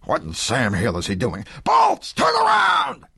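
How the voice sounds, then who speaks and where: A man voicing a gruff middle-aged football coach who hollers and curses in an audiobook. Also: on the low side, expressive, normal speed, a bit bright, no echo, clean studio sound. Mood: furious. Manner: hollering, cursing, furious.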